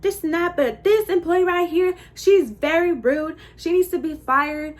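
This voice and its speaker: A woman imitating a young female customer who is yelling and picking a fight. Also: very high-pitched, unhurried, voice pushed up. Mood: indignant. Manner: yelling, confrontational.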